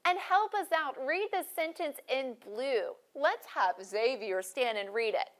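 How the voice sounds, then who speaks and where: A woman teaching a first grade class, speaking clearly and encouragingly to students watching on video. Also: high-pitched, animated. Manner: clear, encouraging, deliberately paced teacher talk.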